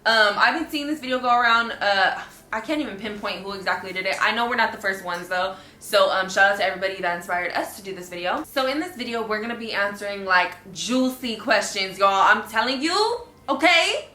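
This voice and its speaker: A woman's voice: mid-range voice, quick pace, sharp tone. A young woman co-hosting a casual couple vlog, giggly and teasing as she chats. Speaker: vlog co-host. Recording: echoey room.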